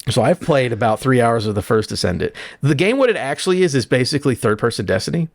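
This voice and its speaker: A man co-hosting a casual gaming podcast, telling stories in an excited, profane way and acting out what characters say. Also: medium pitch, fast talker, no echo, studio quality. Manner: excited, profane storytelling with acted-out quotes. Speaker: podcast co-host.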